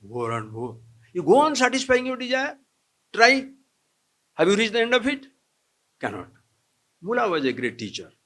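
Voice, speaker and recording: A man giving a humorous, animated spiritual discourse as a swami, calling his listeners friends. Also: high voice, normal speed, long pauses. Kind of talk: spiritual discourse to a camp audience.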